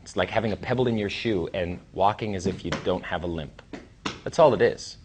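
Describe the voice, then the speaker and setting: A man in his thirties giving a casual, rambling seminar talk as a trainer, with sighs and long pauses. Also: low-pitched, darkish tone, a little hiss or hum. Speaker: dating coach and trainer.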